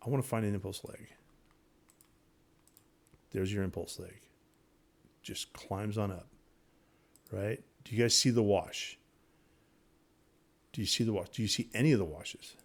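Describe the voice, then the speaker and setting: Gravelly man teaching chart trading. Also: lowish voice, unhurried, pauses often. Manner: excitable, repetitive, talks to viewers directly. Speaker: day trading instructor. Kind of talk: casual screen-share trading lesson.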